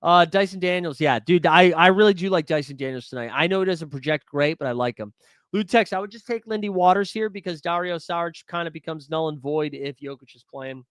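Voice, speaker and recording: A man hosting a live fantasy sports stream, chatting casually and excitably with viewers by name while thinking aloud over his picks. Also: on the high side, fairly quick, smooth, dry recording, studio quality.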